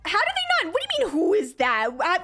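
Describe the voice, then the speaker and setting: A woman's voice: very high voice, wildly swooping pitch, fast, music in the background. A woman hosting her birthday stream, chatting casually in an upbeat, talkative way with lots of fillers. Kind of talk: casual chat.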